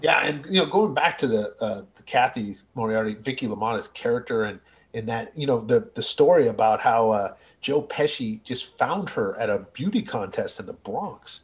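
A man's voice: mid-range voice, lively intonation, moderate pace. A man chatting about a movie with a friend, adding facts and behind-the-scenes trivia. He is conversational and often trails off before finishing a thought. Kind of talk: casual film discussion.

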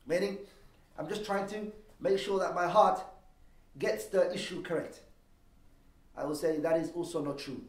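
A man teaching a lesson on Islamic law, explaining terms and posing rhetorical questions, quickly reading Arabic texts and then translating them. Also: high-pitched. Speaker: religious teacher. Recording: echoey room, voice from a distance.

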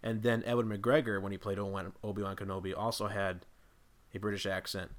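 A man with a fairly low voice talks casually as a podcast guest. He rambles, restarts his sentences and thinks aloud as he builds up an idea. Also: flat delivery, a little fast.

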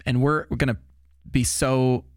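A man with a mid-range voice talks through ideas out loud on a church podcast. He affirms the others as he goes. The recording is close and dry. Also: medium pitch, steady tone, measured pace, no room sound. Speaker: pastor and podcast co-host. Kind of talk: casual church podcast discussion.

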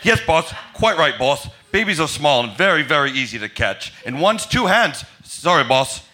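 A man's voice: fairly high pitch, very animated, moderate pace, pushed and bright. A man voicing a bumbling Cockney henchman who fawns over his boss. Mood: fawning. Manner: fawning, eager to please. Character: bumbling Cockney henchman, male, fawning buffoon.

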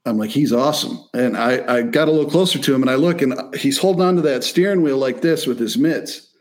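A man from Michigan telling a story in a casual chat, animated and profane, acting out the people he quotes. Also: mid-range voice, quick pace. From Michigan, near Detroit.

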